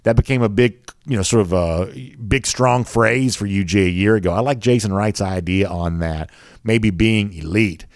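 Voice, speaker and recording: A man's voice: fairly low pitch, normal speed, no echo, clean studio sound. A man with a Southern accent hosting a sports show, chatting casually and reading viewer comments with lots of fillers. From American South.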